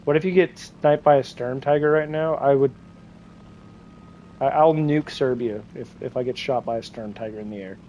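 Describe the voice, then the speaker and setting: A man's voice: medium pitch, fairly even intonation, moderate pace, dark tone, slight background noise, poor audio. Crude, joking young male streamer. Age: 20s. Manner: crude joking, laughs often. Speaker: game streamer. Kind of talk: casual livestream chat with viewers.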